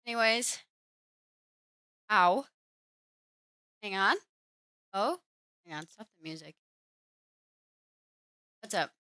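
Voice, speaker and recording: A woman's voice: mid-range voice, expressive, slow pace, long pauses, bright, forceful tone, clean tone, dry recording, studio quality. A woman live-streaming a game from home, chatting casually and cooing at and scolding her cat between remarks. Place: home room.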